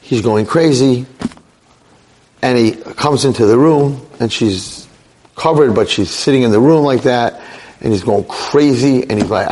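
A middle-aged male rabbi telling a dramatic story in a sermon, with animated delivery. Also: medium pitch, normal speed, a little hiss or hum. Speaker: rabbi lecturer.

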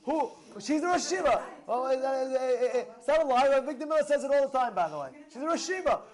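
A young man preaching with lots of energy, his fairly high voice jumping from hushed asides to near-shouts. He tells stories, acts out both sides of conversations, and keeps putting questions to the crowd. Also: fast. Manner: excitable, storytelling, asks the audience questions, swings from loud to hushed. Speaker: rabbi giving a Torah class. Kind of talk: animated sermon with acted-out dialogue.

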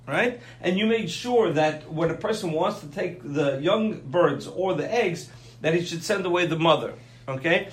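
A man's voice: high-pitched, normal speed, a bit bright, roomy sound. A man teaching a conversational Torah class, often checking in with "okay?" and "right?".

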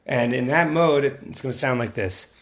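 A man teaching how to lead prayer, explaining quickly in plain talk and then chanting the tunes slowly to show them. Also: medium pitch. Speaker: prayer leader instructor. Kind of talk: teaching lesson with chanted demonstrations.

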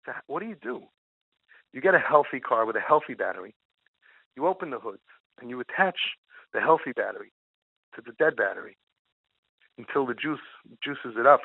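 A middle-aged man, a parenting guide, telling a case story in an animated way and repeating words for emphasis. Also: medium pitch, a little fast, long pauses, breathy edge. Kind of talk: storytelling talk. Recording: tinny phone-line sound.

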